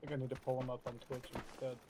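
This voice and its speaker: Male co-streamer, mid voice, playful and profane, recorded under loud noise. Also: mid-range voice, little pitch movement, rapid-fire. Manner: joking, swears, distracted by the game. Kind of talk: casual gaming stream chat.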